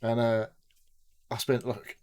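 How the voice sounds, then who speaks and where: A man co-hosting a podcast talks slowly about a game in a mid-range, monotone voice with a darkish tone, and there's a faint hiss or hum on the recording. He rambles, swears a lot, and acts out quotes.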